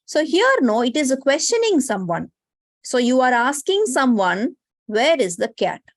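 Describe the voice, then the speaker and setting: A woman's voice: sits high, very animated, measured pace, no room sound, studio quality. Indian English woman teaching, tags "no?". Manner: explanatory, often tags sentences with "no?" and "right?". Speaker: Japanese language teacher. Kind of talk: online class lecture. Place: online class.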